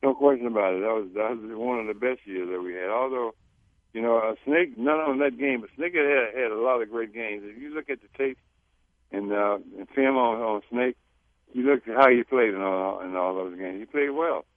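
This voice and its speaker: Man, radio guest, halting speech, repeats words, phone-line sound. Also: mid-range voice, dry recording. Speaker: former teammate, radio guest.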